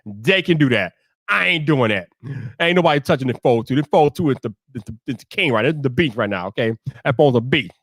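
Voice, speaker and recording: Hosting a casual live stream, a man talks animatedly at a quick pace in a medium-pitched voice. He repeats himself and rants loudly when annoyed, and the studio-quality audio has no echo.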